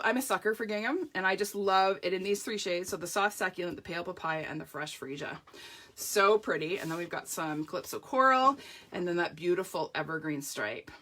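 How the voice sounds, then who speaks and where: Bright, gushing woman demonstrating crafts. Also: medium pitch. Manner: gushing, chatty, greets viewers by name. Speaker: paper-craft demonstrator hosting a live launch party. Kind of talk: casual live demo chat.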